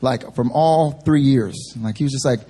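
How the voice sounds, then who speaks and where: Husky, animated young male preacher. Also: medium pitch, moderate pace. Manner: animated, self-deprecating storytelling. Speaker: pastor. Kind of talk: sermon with humorous personal story. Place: church service.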